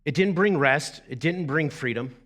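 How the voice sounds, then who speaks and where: A middle-aged man, a lead pastor preaching a sermon in a lively, conversational way with asides to the congregation. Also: fairly high pitch, normal speed.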